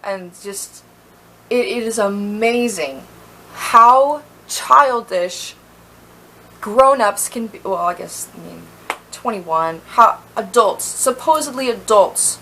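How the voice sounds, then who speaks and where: A woman's voice: medium pitch, slow pace, a bit bright, slight background noise, rough recording. A young woman in a storytime vlog, ranting heatedly with lots of fillers and sounding a little tipsy.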